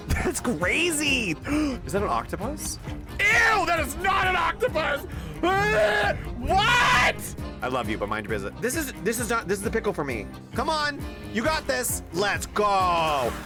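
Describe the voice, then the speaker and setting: A man streaming a game live, chatting casually with loud, excitable outbursts. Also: very high voice. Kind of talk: casual live-stream chat over gameplay.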